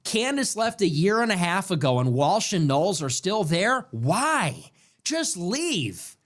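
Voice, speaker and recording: A man hosts a late-night livestream commentary show, ranting heatedly and animatedly, with repetitions and restarts as he winds himself up. His voice sits high and he speaks a little slowly.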